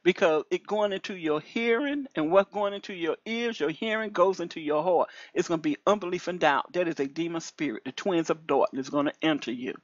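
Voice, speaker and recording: A woman minister giving an animated testimony over a phone call, preachy and repetitive, her voice leaping high when excited. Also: brisk, few pauses, no echo. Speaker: deliverance minister. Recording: dull lo-fi call audio.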